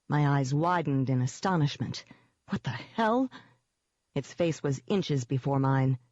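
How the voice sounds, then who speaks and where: A woman's voice: fairly low pitch, no echo, dull audio. A woman giving first-person scripted narration of an audiobook in a tense, vivid storytelling manner.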